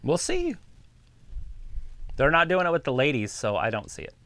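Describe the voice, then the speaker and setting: A man's voice: mid-range voice, animated, quick pace, sharp tone, clean tone. A man co-hosting a live stream, chatting casually and making blunt, wry remarks about what he is watching. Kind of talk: casual chat and commentary.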